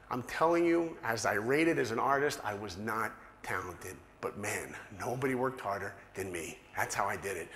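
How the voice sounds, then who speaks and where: A man from New York telling a lively personal story to an audience and acting out the dialogue. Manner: animated, acts out dialogue with big pitch swings. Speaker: speaker. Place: large hall. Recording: roomy hall echo.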